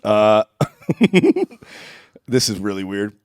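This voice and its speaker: A man's voice: on the low side, wildly swooping pitch, drawn-out words, a little mellow, clean tone, no room sound. A man hosting a podcast in casual chat, joking and firing blunt follow-up questions. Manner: jokey, teasing, asks blunt follow-up questions. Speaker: podcast host.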